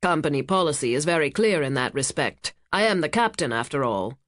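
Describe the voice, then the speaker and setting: Middle-aged male ship captain, read by a woman, curt and officious, low and dry. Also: animated, a little fast, fairly bright tone, no echo.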